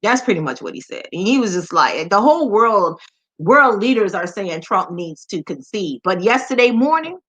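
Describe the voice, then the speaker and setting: A woman's voice: medium pitch, sing-song, moderate pace, fairly bright tone, breathy edge. A woman giving impassioned social commentary, talking straight to her audience with emphatic repetition and rhetorical questions. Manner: direct address to the audience.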